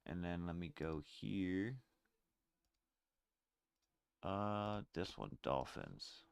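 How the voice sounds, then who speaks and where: A man's voice: sits low, very animated, very slow, vocal fry, clean tone, dry recording, studio quality. Laid-back man hosting a podcast. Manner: laid-back slang-heavy chatter, fumbling with screens. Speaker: podcast host. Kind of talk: casual podcast chat.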